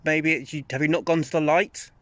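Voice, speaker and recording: A paranormal investigator, a man with a fairly high voice, calls out to spirits in an abandoned building, asking slow, calm questions and leaving pauses. There's no room sound.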